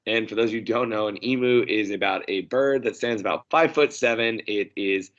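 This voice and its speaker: A man co-hosting a casual history podcast, quick with quips and laughs. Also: lowish voice, fairly bright tone. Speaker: podcast co-host. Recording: dull lo-fi sound.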